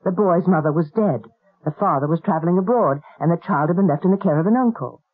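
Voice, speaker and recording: An actress playing a brisk, matter-of-fact woman in a 1970s radio drama, with a husky, low voice. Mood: explaining. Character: brisk, practical woman of the household. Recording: lo-fi old radio broadcast.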